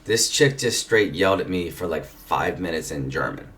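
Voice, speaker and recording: A man's voice: low-pitched, animated, normal speed, a bit bright. A man casually telling a long personal story, rambling and swearing, with lots of filler "like"s. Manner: rambling, profane, many filler "like"s. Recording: distant mic with faint background noise.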